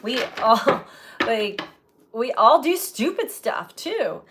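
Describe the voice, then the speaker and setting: Slow-spoken woman musing softly. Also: a little high, lively intonation. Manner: slow, musing, laughs often. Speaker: tarot reader. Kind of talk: spiritual reflection to camera.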